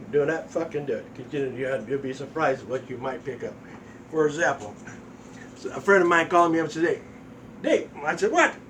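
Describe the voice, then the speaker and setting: A man's voice: on the high side, far from the mic, a little hiss or hum, poor audio. A man in his sixties telling crude, profane jokes in a folksy storytelling way, acting out voices.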